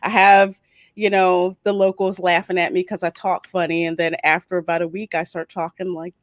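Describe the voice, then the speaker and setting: A woman's voice: fairly low pitch, little pitch movement, normal speed, no room sound, studio quality. A woman hosting a casual live stream from home, reading viewer comments aloud and laughing often. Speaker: talk show host. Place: home in suburban Philadelphia.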